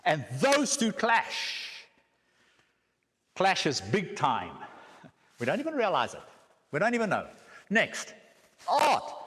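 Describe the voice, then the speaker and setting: Animated South African man in an echoey hall. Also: high-pitched. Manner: animated, joking asides and rhetorical questions. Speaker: guest speaker. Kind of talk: church teaching talk with slides. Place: church hall.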